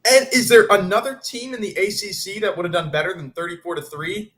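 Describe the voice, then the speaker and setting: A man talking casually on a sports betting podcast, in a voice sitting a little above the usual male range. He lays out his football analysis in a measured, thoughtful way, cushioning points with little hedges. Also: sits high, a bit bright. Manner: measured, analytical, hedging with "I mean".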